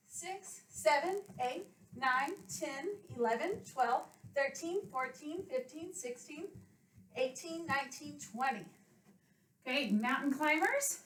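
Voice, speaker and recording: Woman PE coach, high voice, slightly out of breath, counting reps for kids, echoey room, webcam across the room. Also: expressive, takes it slowly, a bit bright. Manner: counts reps aloud, explains simply to children. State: a little out of breath. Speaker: elementary school PE coach. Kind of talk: home workout lesson for kids. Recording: roomy webcam sound from a distance.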